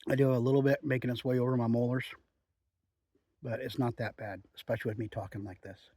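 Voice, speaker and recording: A man chatting in a relaxed, rambling way outdoors in the woods while reviewing a chew. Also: medium pitch, quick pace, no echo. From Oregon. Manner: chatty, relaxed, frequent "um" and "you know". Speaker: outdoor vlogger reviewing chewing tobacco. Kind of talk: rambling casual monologue.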